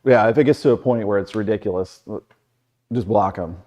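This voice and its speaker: A man co-hosting a casual talk show, laid-back and quick to laugh. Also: lowish voice, mellow, dull audio. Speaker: meteorologist and co-host.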